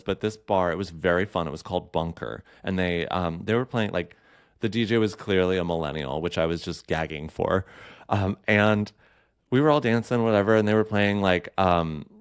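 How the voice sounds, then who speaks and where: A man talks casually and campily as a podcast host, rambling through asides and fillers. His voice sits low and comes across smooth and resonant. The sound is dry and close, with no room around it. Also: no echo. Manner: chatty, campy, lots of fillers and asides. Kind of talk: casual solo chat.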